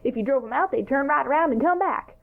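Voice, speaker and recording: A woman voicing an eager, bossy boy ringleader in a radio-style drama, talking in an excited, boastful way. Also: sits high, fast talker, gravelly. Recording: tinny phone-like sound.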